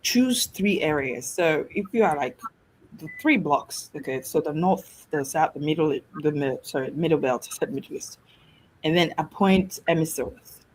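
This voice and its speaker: A woman from Nigeria, a guest on a talk show, telling stories in a lively way with frequent laughs. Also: low voice, normal speed, poor audio. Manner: lively, laughing, switches into mimicked voices. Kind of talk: animated storytelling talk.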